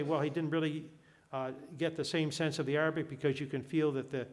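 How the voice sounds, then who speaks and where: Older man, academic lecture, measured delivery, frequent restarts, fairly high pitch. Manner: measured, reads passages aloud, frequent restarts. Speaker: guest lecturer.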